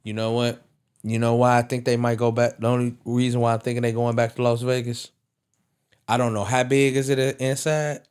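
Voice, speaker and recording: A man on a wrestling podcast panel, chatting casually and telling animated stories, swearing freely as he goes. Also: mid-range voice, clear, resonant tone. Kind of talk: casual chat.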